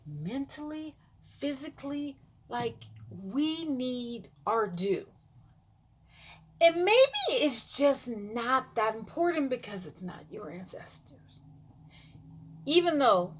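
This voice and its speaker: A woman's voice: a little high, a little hiss or hum. A woman vlogging an emphatic, insistent opinion monologue, repeating herself for emphasis.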